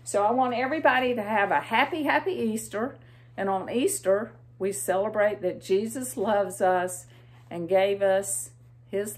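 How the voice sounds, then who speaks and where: A woman with a Southern American accent reading a storybook to children in a gentle, expressive way, asking them questions. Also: medium pitch.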